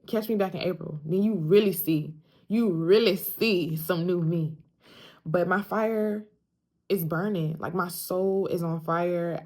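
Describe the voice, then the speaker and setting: Emphatic slangy woman, low voice. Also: darkish tone. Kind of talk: casual self-talk vlog.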